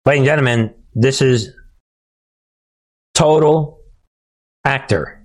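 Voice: mid-range voice, takes it slowly. A political commentator giving mocking commentary, sarcastic and often laughing, addressing the viewers as folks.

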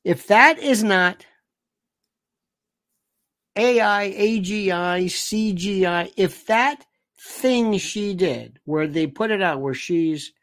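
A woman commentator delivers a scornful political monologue at a slow, deliberate pace. She repeats her phrases again and again for emphasis, and her tone is indignant and sarcastic. Her voice sits at a middle pitch. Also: dry recording, clean studio sound.

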